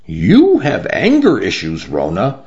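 A man's voice: on the low side, huge pitch swings, takes it slowly, darkish tone, highs cut off, exaggerated voice. A man voicing a wisecracking old fixer. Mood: teasing. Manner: jokey and wheedling.

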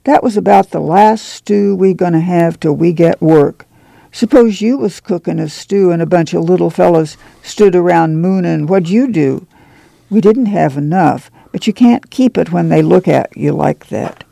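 A man reading the part of a steady, patient farm mother with calm rural speech. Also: high voice, normal speed, gravelly, dry recording, full character voice.

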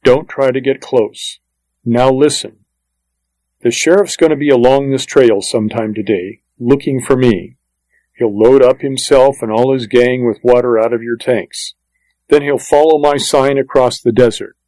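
A man's voice: mid-range voice, measured pace, a little mellow, no echo, natural voice, rough recording. A man voicing a tough, hard-bitten male outlaw on the run in an audiobook reading, talking in a blunt, menacing, commanding way.

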